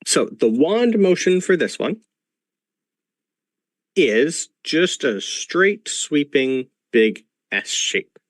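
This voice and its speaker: A man's voice: fairly high pitch, very animated, very slow, no echo. A man running a tabletop game over a video call, lecturing patiently as a professor, with many ums. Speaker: game master playing a professor.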